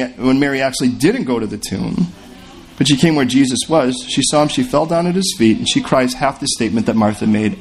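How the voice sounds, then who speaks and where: A male pastor preaching a sermon, slipping into the voices of the people in the story he tells. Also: mid-range voice. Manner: expressive preaching, acts out the voices of biblical figures.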